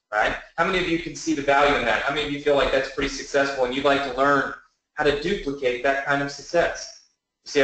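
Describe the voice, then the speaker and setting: A man in his early thirties giving a motivational webinar pitch, telling his story earnestly and often asking the audience to say yes. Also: fairly bright tone. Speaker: online business presenter. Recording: very echoey room.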